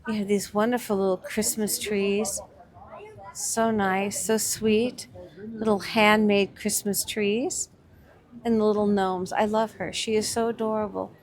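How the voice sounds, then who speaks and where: A woman's voice: mid-range voice, little pitch movement, measured pace. A woman giving casual, enthusiastic commentary while shopping at a winter market and admiring the crafts. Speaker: vlog co-host shopping a market.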